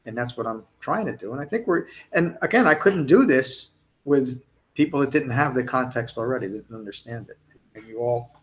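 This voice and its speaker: A man's voice: medium pitch, animated, a little fast. A man teaching at a meditation retreat, speaking conversationally to the group, often ending points with tag questions and restarting sentences as he goes. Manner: restarts and self-corrections mid-sentence. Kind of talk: dharma talk to a retreat group.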